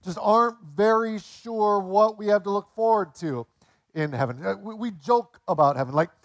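A man in his late forties preaching a sermon in a relaxed, conversational way, telling jokes along the way. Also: high-pitched, normal speed, no echo, clean studio sound. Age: 40s. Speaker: pastor.

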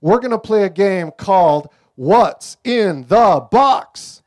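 A man's voice: high voice, slow, hardly any pauses. A middle-aged man preaching a casual, joking sermon to a church congregation with children. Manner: relaxed, joking storyteller. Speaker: pastor. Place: church service.

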